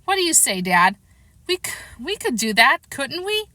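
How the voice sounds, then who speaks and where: A woman's voice: sits high, big pitch swings, moderate pace, pushed and bright, no echo, voice pushed up, full character voice. A woman reading a storybook aloud, voicing an anxious, embarrassed boy of about eleven who pleads in a raised voice. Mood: pleading.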